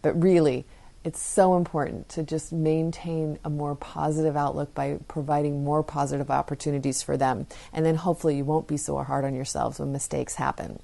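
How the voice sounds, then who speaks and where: A woman hosting a parenting podcast, giving a gentle, encouraging pep talk. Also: sits low, level tone, fairly quick, gravelly.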